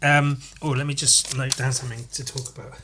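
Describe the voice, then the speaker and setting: A man hosting a solo podcast, chatting in a rambling, animated way full of restarts. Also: mid-range voice, brisk, slight background noise. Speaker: podcast host.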